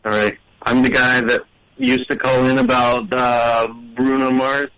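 Hesitant guy calling in, keeps apologizing, gravelly voice, talks slow. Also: mid-range voice, lively intonation, pushed and bright, no room sound, low-quality recording. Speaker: caller. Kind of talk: call-in phone chat.

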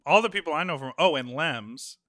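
A man's voice: a little high, lively intonation, fairly quick, sharp tone, no room sound, studio quality. A man with a Midwestern accent co-hosting a podcast, playful and giggly in casual banter. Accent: Midwestern American. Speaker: podcast co-host.

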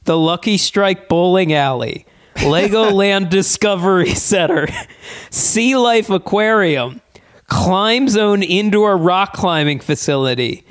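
High-voiced man chuckling through lists. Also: animated, slow, smooth. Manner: chuckling, listing things off. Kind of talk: casual chat.

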